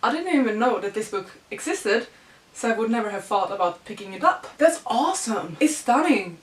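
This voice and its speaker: Excitable young woman, echoey room. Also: fairly high pitch, normal speed. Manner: gushing, excitable, squeals and laughs. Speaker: book vlogger. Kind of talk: casual book haul chat. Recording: echoey room, mic at a distance.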